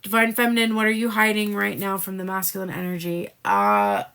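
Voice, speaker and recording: A woman's voice: medium pitch, fairly quick, a bit bright, smooth. A woman giving a live tarot reading in a casual, blunt way, speaking the messages of the card figures in the first person. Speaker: tarot reader.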